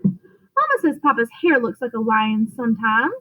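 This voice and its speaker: A woman's voice: fairly high pitch, very animated, normal speed, fairly bright tone, dry recording, rough recording. A woman reading aloud, voicing a chatty young boy in a storybook.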